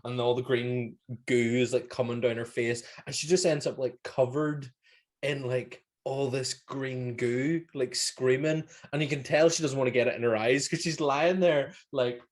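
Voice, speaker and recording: Rambling Northern Irish podcast host. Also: male voice, mid-range voice, fairly even intonation, moderate pace. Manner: rambling, laughing, swears freely. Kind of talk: casual film review chat.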